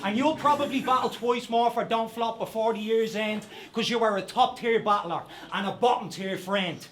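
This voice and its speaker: A man's voice: sits high, normal speed. A young man from Dublin with a Dublin accent, delivering a cutting, sarcastic rap battle verse at a live event. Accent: Irish, Dublin. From Dublin, Ireland. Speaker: battle rapper. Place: large hall with a live crowd. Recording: live crowd noise behind.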